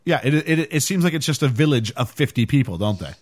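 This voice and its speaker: A man's voice: mid-range voice, lively intonation, fast talker. A man hosting a podcast, chatting casually and animatedly about a film, with frequent fillers. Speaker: podcast host.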